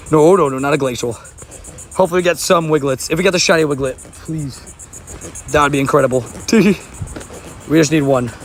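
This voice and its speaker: A man live-streaming outdoors, chatting casually with his viewers and laughing often. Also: a little high. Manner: laughs often, talks to chat. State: sweaty and hot. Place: outdoors at a park by water. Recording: faint outdoor background noise.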